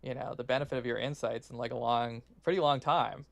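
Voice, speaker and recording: A man's voice: mid-range voice, steady tone, fast talker, creaky. A man co-hosting a podcast livestream in casual chat, rambling through fillers and laughing asides. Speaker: podcast co-host.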